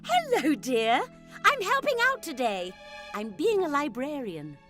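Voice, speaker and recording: A woman's voice: high voice, wildly swooping pitch, unhurried, over music, full character voice. A woman voicing a kindly, helpful grown-up aunt rabbit in a children's cartoon. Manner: kindly, fond.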